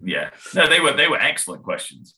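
A man's voice: mid-range voice, big pitch swings, brisk, pushed and bright. A young man, a band member chatting as a podcast guest, rambling, laughing and swearing freely. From England. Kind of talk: casual podcast chat.

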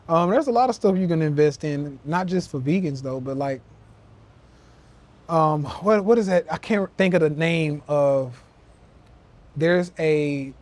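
High-voiced man ranting profanely to followers. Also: a little mellow. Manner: profane, preachy, addresses listeners as family. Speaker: podcast host. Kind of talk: live-stream motivational rant. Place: live social media stream.

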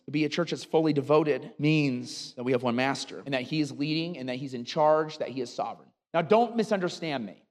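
Pastor preaching in a reverberant hall. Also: male voice, fairly high pitch. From United States. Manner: storytelling, animated, laughs at own anecdotes. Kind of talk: sermon.

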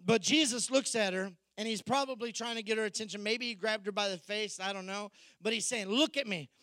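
A man delivers a sermon in a high, bright voice. He slips into quoted voices to act out the people in the story, animated and conversational. The sound is close and dry. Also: a little fast, no echo. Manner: animated, acts out Bible figures in quoted voices. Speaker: pastor.

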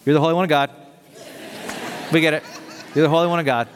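A man's voice: high voice, normal speed, a faint crowd, a little hiss or hum, pitched above the performer's own voice, close to an everyday voice. A man preacher voicing a male demon who taunts and then whines in casual slang, heard with long hall reverb. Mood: taunting.

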